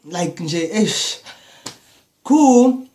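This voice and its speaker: A young man with a South African accent, telling a personal story in a casual, animated vlog style. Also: high-pitched, extremely slow, music in the background. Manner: casual, animated retelling with slang fillers. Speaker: YouTuber.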